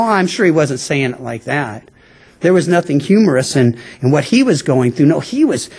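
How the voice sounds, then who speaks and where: A man's voice: fairly high pitch, darkish tone. A middle-aged male pastor preaching a sermon in a conversational, emphatic way, often restarting his words.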